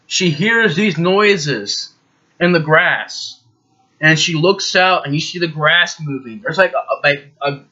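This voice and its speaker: In this casual spoken review, a man walks through a movie's story in a loose, rambling style, punching certain words and using lots of fillers. His voice is bright, forceful, and pitched fairly high, captured on a dull, lo-fi recording.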